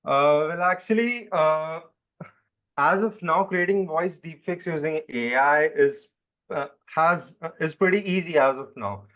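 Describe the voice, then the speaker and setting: A young man answering interview questions in a relaxed, explanatory way, often stopping and restarting. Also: on the high side, a little slow. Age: young adult. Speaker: interview guest. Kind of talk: casual chat. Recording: dull lo-fi microphone.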